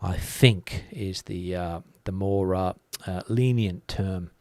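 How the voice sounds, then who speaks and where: A man hosting a news channel from Spain, reading out viewer comments and musing on them in a relaxed way with many fillers. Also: deep voice, slow, dry recording, studio quality. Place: lives in Spain.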